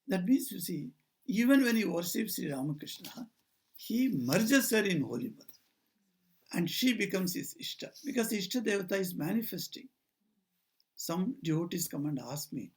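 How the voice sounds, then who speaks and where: Older male monk speaker, high husky voice, story-led spiritual talk, acts out the dialogue. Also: very animated, normal speed. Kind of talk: informal spiritual talk with stories. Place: talk at a society house, indoors.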